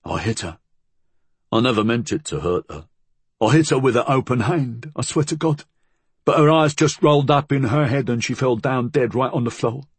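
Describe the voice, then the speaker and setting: Man doing a gruff, husky tavern keeper. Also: medium pitch, animated, normal speed, no room sound. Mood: confessing. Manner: rough working-class dialect, gruff. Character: big brooding working-class tavern keeper man.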